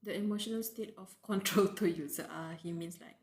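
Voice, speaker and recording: A woman's voice: on the low side, a little fast, roomy sound, slight background noise. A woman streamer reading a story aloud live, tearful and reacting emotionally between read lines. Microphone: close desk mic.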